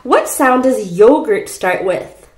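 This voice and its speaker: A woman teaching a preschool phonics lesson from home, speaking slowly and repeating letter sounds for young children. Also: fairly high pitch, expressive, roomy sound. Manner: slow, sing-song, repeats sounds for children. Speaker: pre-K teacher.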